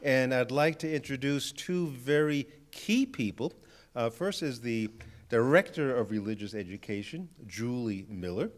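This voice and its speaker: Slow-speaking minister welcoming a congregation. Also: male voice, medium pitch, lively intonation. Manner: welcoming, unhurried, introducing others. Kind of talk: church welcome address. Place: church sanctuary.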